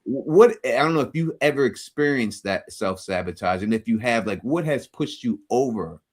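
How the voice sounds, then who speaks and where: A man's voice: medium pitch, lively intonation, normal speed. A man hosting a review show who tells personal stories in casual chat, often repeating words as he gets going. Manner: storytelling, repeats words while talking. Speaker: host.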